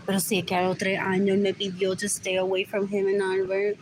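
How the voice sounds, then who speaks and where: A woman's voice: a little high, fairly even intonation, fairly quick, hardly any pauses, a little hiss or hum, low-quality recording. A woman talking alone on a livestream, rambling and muttering, repeating herself and switching languages mid-sentence. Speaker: livestream host. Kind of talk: rambling solo livestream talk.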